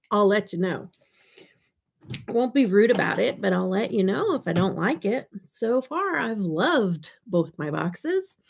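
A woman's voice: mid-range voice, big pitch swings, a little slow, creaky, husky. A middle-aged woman hosting a live stream in giggly casual chat. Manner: giggly, chatty.

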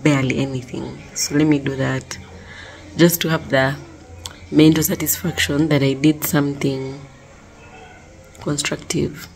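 A young woman from Uganda talking casually to her phone camera in a vlog, chatty and often sliding into soft half-whispered asides. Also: sits low, little pitch movement, measured pace, creaky, pauses often, poor audio. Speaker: vlogger.

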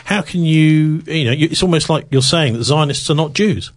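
A man hosting an interview, asking questions with many fillers and pauses. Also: a little high. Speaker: interview host.

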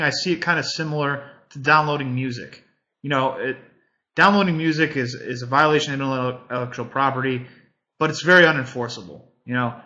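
A man makes his case in a casual panel chat, earnest and circling back on his own phrases. His voice is sharp and very bright. The sound is muffled and lo-fi. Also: medium pitch. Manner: earnest, repeats himself while arguing a point. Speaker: panel guest.

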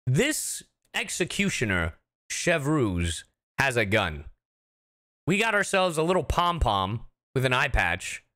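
Animated male streamer, bright lively voice. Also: medium pitch, slow. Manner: animated, chatty, talks to chat and laughs often. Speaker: voice actor streaming a reaction. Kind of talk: casual livestream chat.

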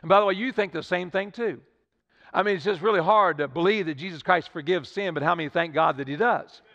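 Brisk and fairly bright, this older pastor's voice sits high as he preaches in a church sanctuary. He builds his point through Southern-style repetition and stammered restarts, while the dull livestream audio carries a long hall reverb.

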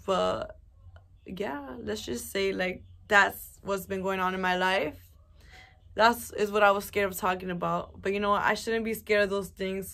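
A young woman vlogger telling a personal story in a casual, rambling way, full of fillers and swearing. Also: mid-range voice. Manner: rambling, animated, swears a lot, many fillers.

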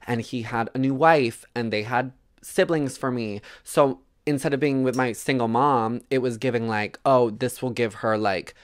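A woman from Wisconsin telling a painful personal story in an interview, casual with many fillers, fighting back tears. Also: very deep voice. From Wisconsin, United States.

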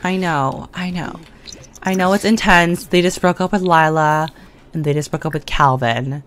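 A woman giving casual, slangy commentary while playing a life-simulation game, chatting to the characters on screen and breaking into excited or mock-scared outbursts. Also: deep voice, normal speed, a little hiss or hum. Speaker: gaming video creator. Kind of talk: casual let's-play commentary. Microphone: desk condenser mic.

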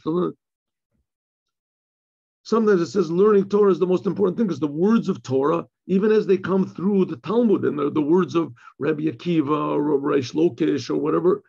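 Gravelly-voiced rabbi giving a halting Torah class. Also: male voice, fairly high pitch, dark tone. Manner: halting, repeats words, often clears his throat, mixes in Hebrew terms. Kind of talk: informal Torah lecture. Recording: dull lo-fi recording.

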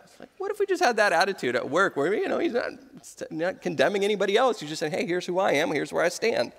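A man's voice: high-pitched, very animated, fast talker, creaky, few pauses, a bit bright. A man in his thirties preaching a sermon as pastor, telling everyday stories with humor. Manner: storytelling with humor. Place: large church sanctuary. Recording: long hall reverb.

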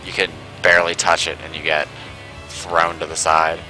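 A man's voice: a bass voice, little pitch movement, normal speed, sharp tone, faint music behind, poor audio. A man giving casual let's-play commentary, rambling and sarcastic, full of "like" and asides. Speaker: gameplay commentator.

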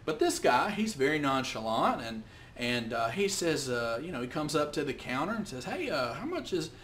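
A man's voice: mid-range voice, lively intonation, moderate pace, a bit bright, slight background noise. An outgoing man hosting a short business tip video, talking casually to the camera with many restarts. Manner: outgoing, chatty, with frequent restarts and quoted voices. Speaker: host of business tips videos.

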